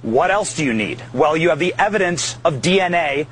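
A man giving emphatic broadcast commentary, forceful and insistent with rhetorical questions. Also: on the high side, expressive, a little fast, husky.

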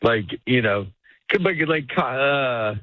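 A male stand-up comic talks in a loose, rambling way, restarting sentences and laughing at his own stories. His voice comes through a narrow, phone-like band in a dry studio. He sits at an ordinary middle pitch. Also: animated, slow pace, no room sound. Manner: rambling, self-correcting, laughs often. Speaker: stand-up comedian and guest. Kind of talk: casual interview chat. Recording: phone-like narrow radio sound.

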